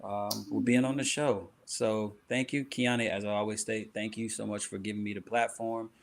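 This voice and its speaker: A man's voice: fairly low pitch, level tone, moderate pace, vocal fry. Upbeat man co-hosting a chat show. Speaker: podcast co-host. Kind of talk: casual interview chat.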